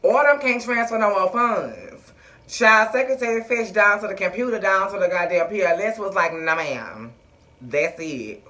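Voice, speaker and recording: Woman, TV recapper. Bright, sassy, animated delivery with lots of swearing. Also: mid-range voice, moderate pace. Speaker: TV episode recapper. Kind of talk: casual episode recap.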